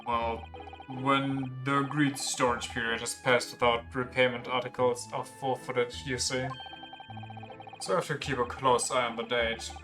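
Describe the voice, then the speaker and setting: A streamer voicing a fussy shopkeeper pawnbroker in a measured, precise way while reading game dialogue. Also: medium pitch, level tone, over music, lightly acted. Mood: explaining.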